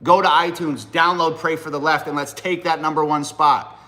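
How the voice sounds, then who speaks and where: A man's voice: a little high, fairly even intonation, moderate pace, pushed and bright. A man in his thirties hosting a casual livestream, talking in a blunt, profane and rambling way to his viewers. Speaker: livestream host and rapper.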